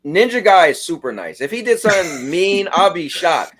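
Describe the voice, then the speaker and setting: A man's voice: high voice, sing-song, moderate pace, fairly bright tone. A man hosting a casual podcast chat in an easygoing way, reading viewer comments aloud. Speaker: host.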